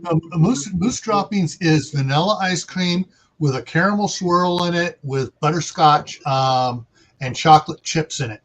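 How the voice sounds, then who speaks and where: A man chats casually on a livestream, his voice sitting a little on the high side. He stalls and repeats words as he gropes for what he wants to say. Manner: halting, repeats words while searching for them. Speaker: livestream co-host. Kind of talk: casual chat.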